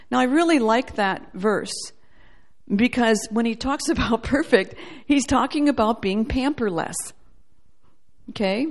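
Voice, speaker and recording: A woman teaching a sermon in a church setting, animated and playful, acting out quoted voices as she goes. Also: fairly high pitch, unhurried. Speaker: Bible teacher.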